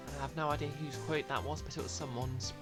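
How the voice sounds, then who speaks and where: A low-pitched woman chatting casually while streaming a game, drifting into explanatory asides full of fillers. Loud game music plays under her voice. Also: steady tone, fast talker.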